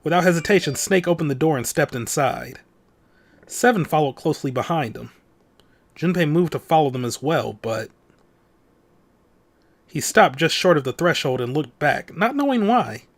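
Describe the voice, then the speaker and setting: A man's voice: a little high, moderate pace, pauses often. A man hosting a let's play, reading a visual novel's text aloud in a dramatic voice and dropping in casual comments. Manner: dramatic read-aloud broken by offhand comments.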